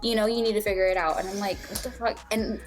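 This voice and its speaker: A woman's voice: mid-range voice, fairly even intonation, fast, soft background music. Candid young woman telling a story. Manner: candid, swears freely, acts out quoted dialogue. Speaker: podcast co-host. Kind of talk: casual storytelling chat.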